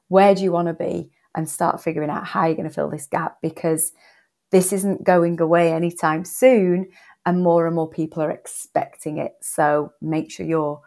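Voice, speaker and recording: Gravelly low-voiced woman. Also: darkish tone. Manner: emphatic, earnest, repeats words for stress. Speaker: author and coaching guest. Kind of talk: podcast interview answers.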